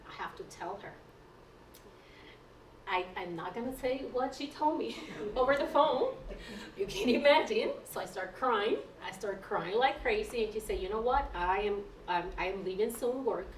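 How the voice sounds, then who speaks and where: Brief: woman, personal storytelling talk, lively with restarts, mid pitch, roomy sound, mic far off. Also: a little hiss or hum. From Puerto Rico. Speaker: guest speaker, nurse.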